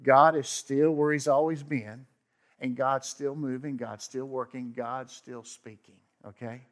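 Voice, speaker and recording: Telling his sermon like a story, a pastor speaks a little slowly with fairly even intonation in a mid-range pitch. Still, he moves from strong emphasis to quiet asides and erupts in sudden outbursts when voicing the figures he quotes.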